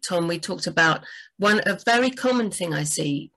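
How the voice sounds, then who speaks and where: A woman's voice: on the low side, expressive, moderate pace, a bit bright, low-quality recording. A woman, a book doctor, giving enthusiastic, chatty writing advice on a livestream. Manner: enthusiastic, chatty, frequent fillers.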